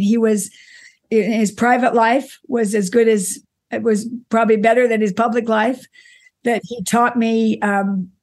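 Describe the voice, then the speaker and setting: Middle-aged woman, interview guest, slightly high pitch, reminiscing with restarts. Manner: warm reminiscing with frequent restarts and soft laughs. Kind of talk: conversational storytelling.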